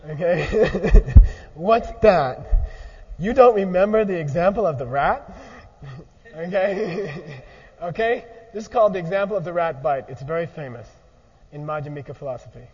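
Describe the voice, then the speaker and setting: A man teaching a lively philosophy lecture, acting out examples and constantly checking in with his listeners. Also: on the high side, moderate pace. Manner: animated, often checks in with 'okay?'. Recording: muffled recording in a large echoey hall.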